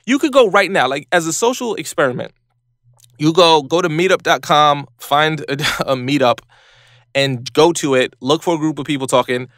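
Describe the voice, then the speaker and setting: A man hosting a podcast, giving casual advice in an animated way and acting out other people in high voices. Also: no room sound, clean studio sound. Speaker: podcast host.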